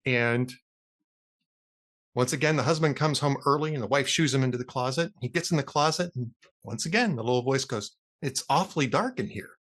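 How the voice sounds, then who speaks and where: A middle-aged man hosting a talk show, telling long jokes in a relaxed, chatty way. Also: a little fast. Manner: lively storyteller, animated pitch. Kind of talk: casual joke-telling chat.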